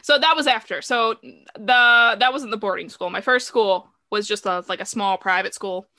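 A woman's voice: mid-range voice, normal speed, bright, forceful tone, no echo, clean studio sound. A young woman from the American South co-hosting a podcast in casual, self-deprecating chat. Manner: chatty, laughing, self-deprecating. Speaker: podcast co-host.

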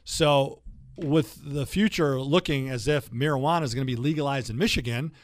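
A man hosting a legal talk show, chatting casually in a rambling, animated way with frequent restarts. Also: mid-range voice, normal speed, no echo, clean studio sound. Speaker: radio show host and lawyer. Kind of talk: casual talk-radio chat.

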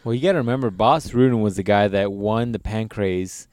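A man's voice: on the low side, fairly quick, darkish tone, no echo, clean studio sound. A man co-hosting a casual podcast, chatting in a laid-back, profane way. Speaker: podcast co-host. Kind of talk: casual chat.

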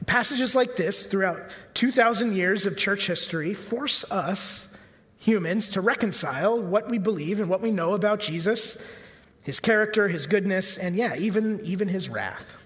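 High-voiced man preaching in a reverberant hall. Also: moderate pace, fairly bright tone. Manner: conversational preaching with filler words and rhetorical questions. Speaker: pastor. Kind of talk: sermon.

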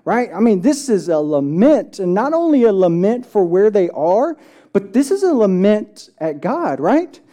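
A pastor preaching a church sermon in a casual, conversational way, often checking in with the congregation and reading scripture slowly. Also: medium pitch, sing-song, dark tone. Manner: reads scripture slowly and deliberately.

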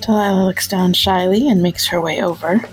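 A woman playing a tabletop game, calmly narrating her character's actions in third person. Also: lowish voice, normal speed, soft background music. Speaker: player.

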